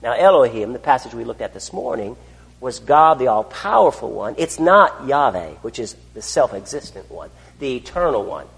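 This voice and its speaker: A man preaching a sermon, asking his listeners rhetorical questions and swinging between loud declarations and hushed asides. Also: medium pitch, sing-song, moderate pace, vocal fry, long reverb tail. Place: church.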